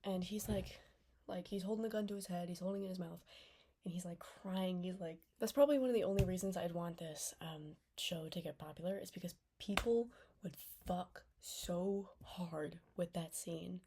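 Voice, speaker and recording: A woman's voice: fairly low pitch, normal speed, noisy background. A young woman recapping a TV series in a casual, rambling way, full of fillers and often dropping into a whisper. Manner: rambling, lots of "like", drops into whispers. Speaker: vlogger reviewing a TV series.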